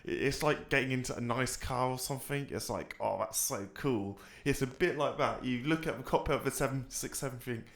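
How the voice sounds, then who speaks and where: A man's voice: medium pitch, brisk, few pauses, fairly bright tone. A young man hosting a casual flight simulator tutorial, rambling and self-mocking, with the odd swear. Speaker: flight sim tutorial host. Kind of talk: casual screen-recorded tutorial chat.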